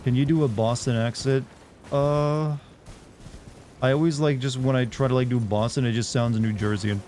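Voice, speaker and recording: A man's voice: mid-range voice, fairly even intonation, moderate pace, darkish tone, a little hiss or hum. A man giving casual, rambling live commentary while streaming a video game. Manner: rambling and chatty, full of "like".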